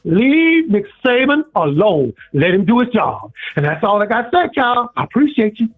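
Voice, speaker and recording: A man calling in to a show and giving a preachy, repetitive, animated rant. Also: sits high, normal speed, soft background music. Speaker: caller. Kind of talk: impassioned call-in rant. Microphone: phone. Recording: tinny phone line.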